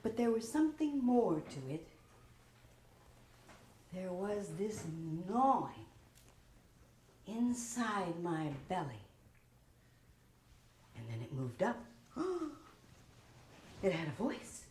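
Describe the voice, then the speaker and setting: A woman's voice: medium pitch, slow, long pauses, distant mic, slight background noise. A woman with a Southern US accent performing a self-mocking solo theater monologue, recorded live in a roomy small theater. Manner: animated, self-mocking storytelling.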